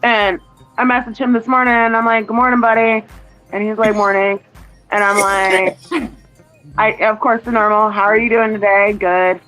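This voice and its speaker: A woman's voice: fairly high pitch, level tone, normal speed, pushed and bright, soft background music, low-quality recording. A woman in casual chat, rambling through a family story and quoting what others said, heard over a phone. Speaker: mother chatting with a relative.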